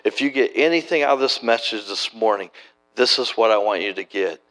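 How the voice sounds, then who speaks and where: A man's voice: lowish voice, lively intonation, fairly quick, a bit bright. A middle-aged man preaching a sermon, telling stories in a folksy, conversational way with many restarts. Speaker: preacher and church planter. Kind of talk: sermon storytelling.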